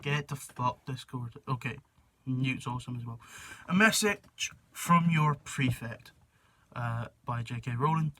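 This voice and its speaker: A man's voice: mid-range voice, normal speed, a bit bright. A young man chatting casually for his video, rambling with frequent swearing and jokey asides. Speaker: YouTuber. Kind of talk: casual chat reading a website on camera.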